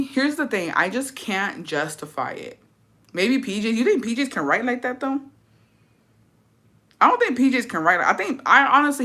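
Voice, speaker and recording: A woman's voice: mid-range voice, a bit bright. A woman in her twenties telling a story in casual vlog chat, swearing freely and slipping in Spanish phrases. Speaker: vlogger.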